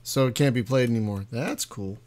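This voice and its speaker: A man's voice: medium pitch, a little fast, a little mellow. A man hosting an online board game session, casual and jokey, laughing often. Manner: jokey, laughs often, tries silly voices. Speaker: host of a game stream. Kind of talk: casual chat while playing a board game.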